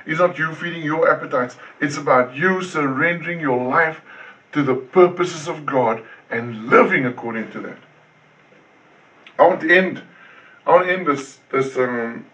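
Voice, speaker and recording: A male pastor preaching a sermon, driving points home with repeated words and swinging between loud and hushed. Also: fairly high pitch. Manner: preaching with emphatic repetition, rising and falling intensity. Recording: distant, dull lo-fi sound.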